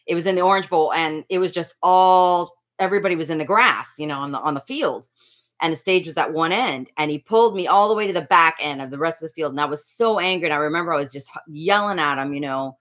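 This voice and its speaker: Her voice sits fairly low with a fairly bright tone, and she talks a little fast. She's a middle-aged woman from the Miami area, chatting casually to a livestream and reading viewer names mid-story, captured in slightly dull lo-fi sound.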